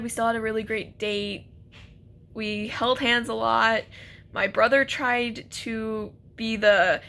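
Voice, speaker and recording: A young woman telling a casual, animated story about a first date, laughing and acting out quotes. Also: a little high, gravelly. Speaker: vlogger.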